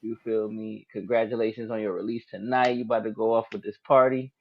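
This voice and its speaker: A man's voice: lowish voice, little pitch movement, fast, over a noisy crowd. A man speaking as a guest in a casual chat, laid-back and often tagging lines with "you feel me". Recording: dull lo-fi sound.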